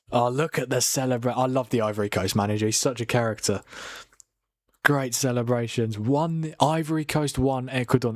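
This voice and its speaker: A man hosting a late-night football watchalong from home, excitable and laughing, swearing as he reacts to the match. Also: medium pitch, no room sound, studio quality. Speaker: watchalong host. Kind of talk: live football watchalong commentary. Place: home at night, keeping quiet.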